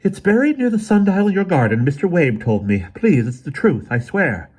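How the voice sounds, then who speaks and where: A man voicing a stubborn elderly man who speaks in a high, strained, loud voice. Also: big pitch swings, normal speed, breathy edge. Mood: pleading.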